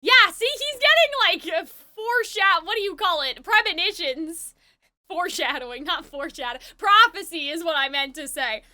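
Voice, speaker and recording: A young woman with a high, very bright voice hosts a casual reaction chat. She is excitable and giggly and keeps correcting herself. She sounds a little congested. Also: normal speed, few pauses. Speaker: reaction video host.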